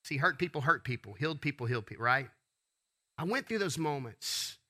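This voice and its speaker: A man's voice: on the high side, expressive, a little fast, sharp tone. A man preaching a sermon as pastor, asking rhetorical questions and calling for responses from the congregation.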